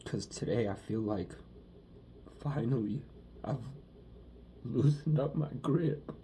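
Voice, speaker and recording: A young man talking through his feelings in a personal monologue, halting and rambling, with many fillers. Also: medium pitch, dark tone, a little hiss or hum.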